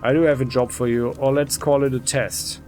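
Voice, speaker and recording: A man reading aloud the lines of a calm, measured gang boss from a game, in his own plain voice. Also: medium pitch, soft background music, natural voice.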